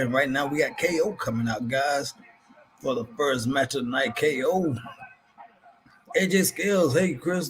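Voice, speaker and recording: A man's voice: medium pitch, fairly bright tone. A man hosting a live wrestling stream, chatting casually and reading out viewer comments, dropping "man" into nearly every sentence. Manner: laid-back, says "man" constantly, breaks into laughter.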